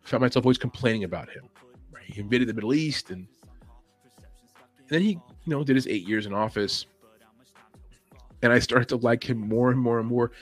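Guy on a podcast rambling his opinions, chuckles a lot, average pitch, bit of faint music behind. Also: brisk, long pauses. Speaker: podcast host. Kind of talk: casual opinion chat.

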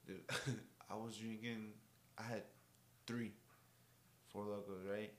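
A man's voice: lowish voice, flat delivery, takes it slowly, a little hiss or hum. A young man co-hosting a podcast, laid-back and laughing, in slang-filled casual chat. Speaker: podcast co-host.

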